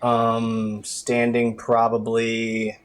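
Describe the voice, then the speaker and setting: A man playing a tabletop role-playing game, describing his character slowly with many fillers and reassuring the others. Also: medium pitch, completely flat delivery.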